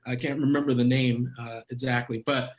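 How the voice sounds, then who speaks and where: A middle-aged man, a former pro footballer, telling a story as a podcast guest, animated and laughing often. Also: mid-range voice, normal speed. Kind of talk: casual storytelling. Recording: roomy echoey sound.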